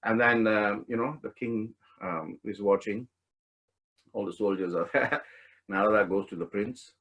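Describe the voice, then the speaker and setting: A man teaching an online spiritual study course, telling a story in a relaxed way and laughing often. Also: lowish voice, unhurried, breathy edge, low-quality recording. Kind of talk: storytelling talk. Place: online class session.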